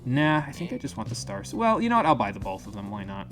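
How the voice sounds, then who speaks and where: A man's voice: mid-range voice, sing-song, fast talker, over music. A man live-streaming a video game, chatting casually and thinking aloud, with the occasional curse. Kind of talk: live gameplay commentary.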